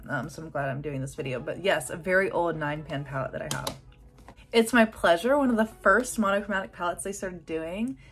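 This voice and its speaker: A woman's voice: low-pitched, slightly rough. A young woman, chatting eagerly about her makeup palettes in a casual vlog. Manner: gushing, chatty, lots of "like" and "oh my God". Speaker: beauty vlogger. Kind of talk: casual makeup collection chat.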